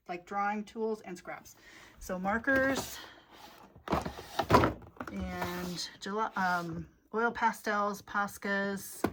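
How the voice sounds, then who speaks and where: A craft vlogger casually tours her home craft room, chatting and rambling through lists of supplies with many fillers while a little out of breath. Her voice is medium in pitch, and the recording is very noisy.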